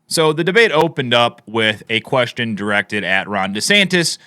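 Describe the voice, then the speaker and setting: A man's voice: mid-range voice, big pitch swings, moderate pace, sharp tone, no echo, clean studio sound. A man giving casual, opinionated commentary over played video clips. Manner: opinionated, conversational, frequent fillers. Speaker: political commentator.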